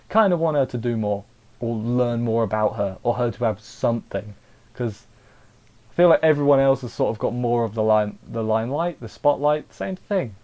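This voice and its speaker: A man's voice: mid-range voice, mellow, muffled recording. Chatty Englishman rambling through a review. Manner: rambling, chatty, self-interrupting. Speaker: anime reviewer. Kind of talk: casual episode review.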